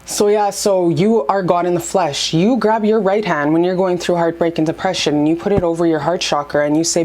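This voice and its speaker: A woman's voice: on the low side, fairly quick, few pauses, a little mellow. A young woman giving casual spiritual advice to her camera at home, blunt and profane, and heated in bursts. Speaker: spiritual vlogger.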